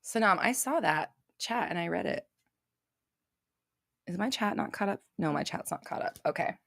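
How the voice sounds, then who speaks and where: A woman's voice: mid-range voice, expressive, moderate pace, creaky, fairly bright tone, no room sound, studio quality. A young adult woman hosting a casual live-stream chat, talking bluntly and swearing freely as she rants. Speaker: podcast host.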